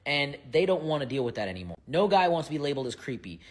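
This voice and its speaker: Fast-talking male dating coach. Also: on the high side, very animated. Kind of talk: direct-to-camera commentary.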